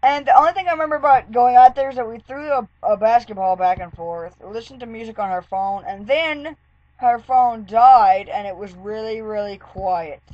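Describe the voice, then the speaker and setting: A woman's voice: a little high, normal speed, dry recording. Chatty young-sounding woman vlogger, muffled audio. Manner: chatty, rambling, full of "like" fillers. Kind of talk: casual storytelling vlog.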